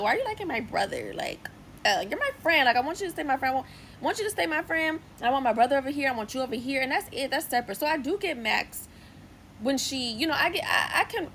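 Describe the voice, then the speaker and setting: Young woman, high voice, chatty show recap, lots of "like", faint background hum. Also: low-quality recording. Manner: chatty recap peppered with "like", lively asides. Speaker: TV series reviewer. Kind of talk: casual episode review vlog.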